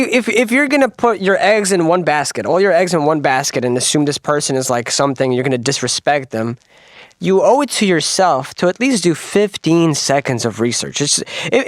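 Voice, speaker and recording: A man co-hosting a casual podcast, talking in quick animated bursts with slang and swearing. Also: fairly high pitch, no room sound, clean studio sound. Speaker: podcast co-host.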